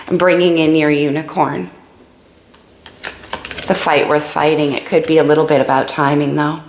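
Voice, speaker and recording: A woman with a low, creaky voice reads tarot cards in a casual way, thinking aloud and exclaiming over each card. Her voice rings in an echoey room with a faint hiss behind it. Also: steady tone, a little slow. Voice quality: creaky morning voice. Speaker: tarot reader. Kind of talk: casual tarot reading to camera.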